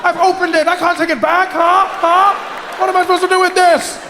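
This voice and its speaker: A man acting out a whiny, pushy boyfriend who shouts his complaints. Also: extremely high pitch, racing, some chatter behind, slight background noise, pitched above the performer's own voice. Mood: indignant shouting. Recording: echoey hall with audience.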